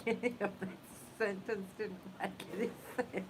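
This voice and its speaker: Woman, mid-pitched, dry teasing, off-mic with faint hiss. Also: steady tone, moderate pace. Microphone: off-mic, away from the microphone.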